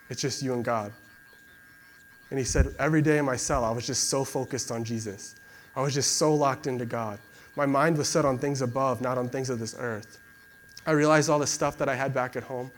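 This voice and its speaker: A young man preaching in a loose, conversational way, often reaching for "like" as he talks. His pitch sits in a normal middle range. A faint hiss of noise runs under the recording. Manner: conversational, many fillers like "like". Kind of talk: casual sermon and prayer.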